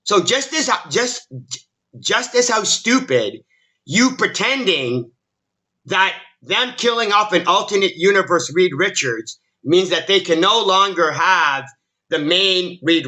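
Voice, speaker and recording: Exasperated ranting man, bright forceful voice. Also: high voice, animated, takes it slowly, low-quality recording. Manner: exasperated, sarcastic, stumbles over repeated words. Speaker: commentary channel host. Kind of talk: ranting video commentary.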